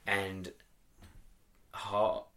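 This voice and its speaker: A man in his thirties with a broad Western Australian accent, chatting casually on a podcast, animated and swearing freely as he acts out crowd reactions. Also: lowish voice, extremely slow. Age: 30s. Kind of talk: casual chat.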